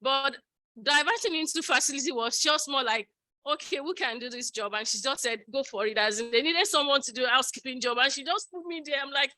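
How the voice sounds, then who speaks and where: A young woman speaks with feeling at a graduation. Her voice is high and bright, and she sounds grateful and a little overcome. The sound is close and dry. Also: fairly quick, no echo, rough recording. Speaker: former staff member giving thanks.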